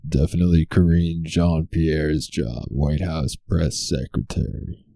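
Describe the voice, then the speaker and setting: A man with a low, dark voice riffs through a sarcastic comedy monologue as the show's host. He leans on rhetorical questions and unhurried timing. The sound is dry and close. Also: no room sound. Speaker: comedy talk show host. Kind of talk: stand-up style topical monologue.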